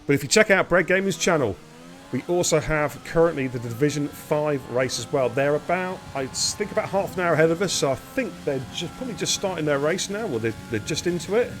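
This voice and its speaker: A man's voice: a little high, expressive, a little fast, fairly bright tone, soft background music. A man hosting and calling a live sim racing stream, chatty and teasing, greeting viewers by name. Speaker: lead commentator and host.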